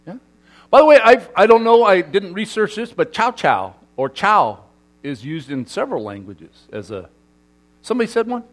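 A man's voice: high voice, sing-song, moderate pace. A middle-aged man from Southern California, playfully quizzing and joking with a live audience as he speaks to a congregation. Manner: playful, asks the audience questions and jokes with them. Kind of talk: lively talk to a live audience.

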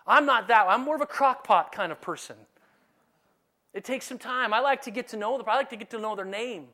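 A man preaching a sermon in a conversational, animated way, now and then dropping to a soft, low delivery. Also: a little fast. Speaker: pastor.

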